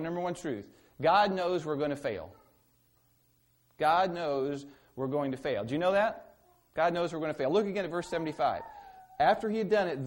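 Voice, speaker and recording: A man's voice: on the high side, a little mellow. A man preaching a sermon as pastor, earnest and asking his listeners direct questions.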